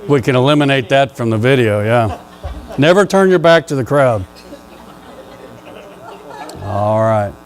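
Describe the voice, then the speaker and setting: A male pastor preaching a sermon in a church, conversational and playful with the congregation, rising to loud emphatic questions. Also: mid-range voice, expressive, unhurried, long pauses, a faint crowd, rough recording. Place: church sanctuary.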